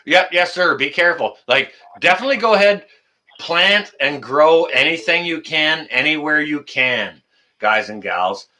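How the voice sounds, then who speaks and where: The speaker is a livestream host from Canada whose fairly high voice sounds bright and sharp at normal speed. His casual stream alternates "uh"-filled stretches with excited outbursts.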